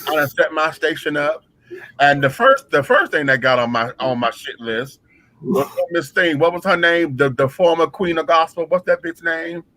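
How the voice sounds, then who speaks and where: A man's voice: fairly high pitch, expressive, moderate pace, bright, forceful tone, no room sound, low-quality recording. A man telling a backstage story in a brash, profane, dramatic way, with features. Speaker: drag performer telling a story. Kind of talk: casual storytelling chat.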